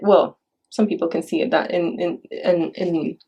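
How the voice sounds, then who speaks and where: A woman who works as a spiritual healer, a guest on a casual podcast. She talks earnestly in quick bursts and laughs often. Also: on the low side, steady tone, vocal fry, dark tone, breathy edge.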